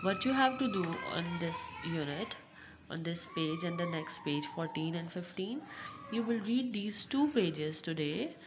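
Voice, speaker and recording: Woman teacher reading slowly, repeating words. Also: lowish voice, expressive, background noise. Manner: slow, deliberate reading, repeating each word three times. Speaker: primary school teacher. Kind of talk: recorded classroom lesson, reading aloud.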